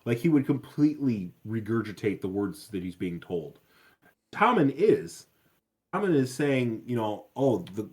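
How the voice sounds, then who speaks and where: Guy on a podcast, lowish voice, talks it through slow and careful, lots of restarts. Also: a little mellow. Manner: deliberate, reasoning aloud with restarts. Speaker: podcast co-host. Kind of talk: casual discussion.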